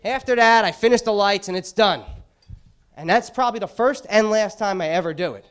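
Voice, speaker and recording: A man's voice: high-pitched, a little fast, clean tone, highs cut off. A male stand-up comedian on a club stage, ranting crudely and sarcastically through an exasperated set.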